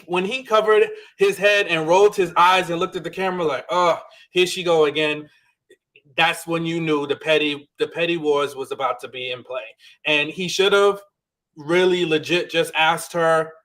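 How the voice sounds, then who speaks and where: Male podcast co-host, casual recap talk, animated, slightly high voice. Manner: chatty, animated, acts out quoted lines. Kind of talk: casual reality-show recap.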